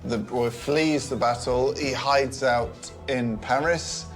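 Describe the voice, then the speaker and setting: A drunk man telling a history story in a rambling, deadpan way. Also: medium pitch, slow pace, faint music behind. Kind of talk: drunken comic retelling of history.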